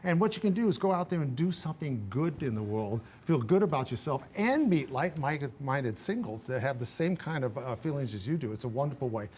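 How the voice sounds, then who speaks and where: An older man, a guest on a radio talk show, giving travel advice in an animated, emphatic way with frequent restarts. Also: medium pitch, a little fast, few pauses, a little hiss or hum.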